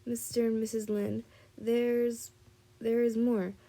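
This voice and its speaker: A tired woman reading a young man's lines in a fan fiction story, slowly and with frequent restarts. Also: on the high side, flat delivery, mellow. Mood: earnest.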